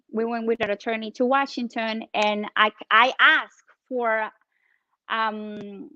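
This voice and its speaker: Animated woman with a Spanish accent. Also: fairly high pitch, no room sound, lo-fi sound. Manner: animated, acts out phone calls in her story. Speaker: entrepreneur guest. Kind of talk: casual interview storytelling.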